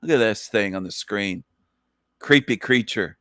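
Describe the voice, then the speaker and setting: Brief: male host, slow deliberate scornful rant, dry close sound. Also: on the low side, fairly bright tone, dry recording. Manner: scornful, insulting, repeats phrases over and over. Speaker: channel host reacting to a clip. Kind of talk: ranting video commentary.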